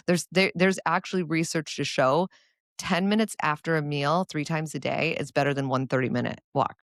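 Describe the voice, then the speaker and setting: A woman's voice: low voice, steady tone, moderate pace, dry recording, studio quality. A woman guest on a podcast who talks in an earnest, encouraging way as she gives advice. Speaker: guest, cancer survivor. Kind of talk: casual interview chat.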